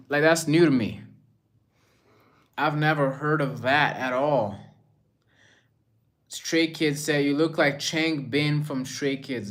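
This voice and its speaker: Laid-back slow-talking young man. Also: mid-range voice, a bit bright. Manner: laid-back, reads chat messages aloud and muses. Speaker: livestreamer. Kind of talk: casual livestream chat.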